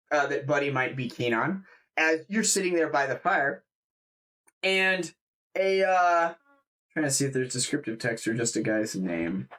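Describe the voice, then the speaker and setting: A man running a tabletop game, describing scenes in a casual, filler-heavy way. His pitch moves a lot as he talks. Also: fairly bright tone. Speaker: game master.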